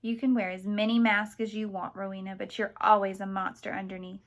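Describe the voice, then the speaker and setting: Scared tense young guy read by a woman, shouting in panic. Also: mid-range voice, little pitch movement, brisk, lightly acted. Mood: fearful, agitated. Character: young gentleman, frightened and agitated.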